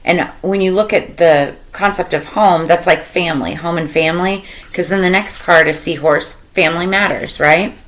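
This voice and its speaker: A woman with a low voice talks through a tarot reading. She meanders and thinks out loud, filling her pauses with ums and you-knows, in an easy, casual way. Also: low-quality recording. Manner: meandering, thinks aloud with many fillers. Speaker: tarot reader.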